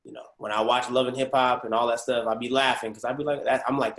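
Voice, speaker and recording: A man from the Pacific Northwest of the US, an actor speaking as a guest in a casual webinar interview, animated and slangy. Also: medium pitch, quick pace, hardly any pauses. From Portland, Oregon, USA. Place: video call. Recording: roomy echo.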